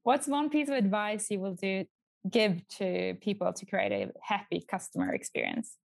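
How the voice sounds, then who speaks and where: Creaky-voiced woman interviewer. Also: medium pitch, sing-song, moderate pace, no echo. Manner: brief, affirming replies. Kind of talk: interview questions.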